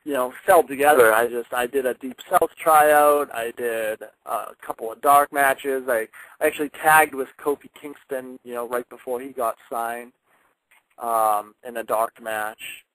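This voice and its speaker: Animated young man telling wrestling stories. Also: mid-range voice, measured pace, no room sound, poor audio. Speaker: wrestler guest. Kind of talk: casual radio interview storytelling.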